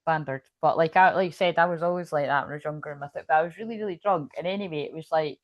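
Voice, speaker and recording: A woman's voice: deep voice, racing, no room sound, highs cut off. A woman reading tarot in casual talk, rambling, swearing and laughing as she tells a story. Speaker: tarot reader.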